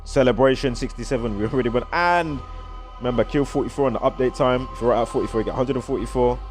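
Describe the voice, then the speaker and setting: A man's voice: medium pitch, fast, faint music behind. A man with a British accent, rambling through a casual vlog commentary and reeling off strings of numbers. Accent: British English. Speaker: vlogger.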